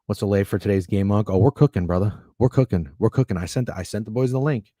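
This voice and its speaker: Talking fast in a lowish voice, a man runs a laid-back sports betting livestream, swearing and rambling excitedly as he covers games and bets. There's no echo on the recording.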